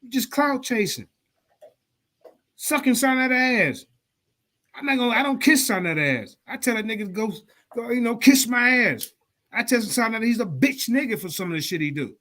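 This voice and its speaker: A man's voice: very high-pitched, a bit bright. A man hosting a livestream debate show, ranting in a profane, confrontational way. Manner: profane, confrontational, fast-talking. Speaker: show host. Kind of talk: heated livestream rant.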